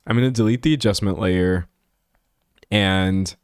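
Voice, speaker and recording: A man's voice: deep voice, measured pace, clear, resonant tone, no room sound, studio quality. A young man chatting casually on a live stream, talking to his chat in a self-deprecating way and laughing often. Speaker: livestreamer.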